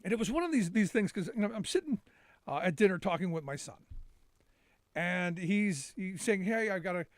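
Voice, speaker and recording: A man's voice: high-pitched, animated, moderate pace, dry recording. A middle-aged man hosting a live call-in talk show, rambling and sarcastic with many restarts.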